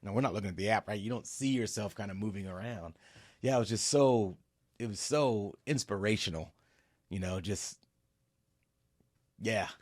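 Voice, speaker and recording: A man's voice: on the low side, moderate pace, pauses often, darkish tone, no echo, studio quality. A middle-aged man telling a story in a casual interview. He talks with open emotion, swears freely and acts out his own reactions as he goes. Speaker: company CEO recounting an ocean row.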